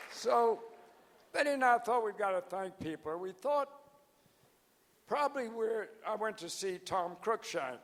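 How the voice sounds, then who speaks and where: A man of ninety, hard of hearing, giving a folksy, joking anniversary speech that wanders as he loses his place. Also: a little high. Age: 90s. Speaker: founder giving anniversary address. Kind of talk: rambling anecdotal speech to a crowd. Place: large event hall. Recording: large hall with faint crowd and noise.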